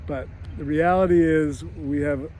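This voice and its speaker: Animated, laughing man retelling a film. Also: a little high, a little slow, a little hiss or hum. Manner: animated storytelling, laughs often, acts out lines. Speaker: screenwriting channel host. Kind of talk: casual film recap and commentary.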